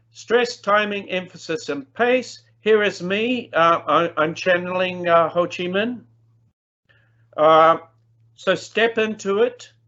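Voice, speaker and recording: A man giving a conference lecture on language teaching, emphatic and playful, with sudden swings in pitch and pace. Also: a bit bright, highs cut off. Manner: playful asides. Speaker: plenary speaker on language teaching.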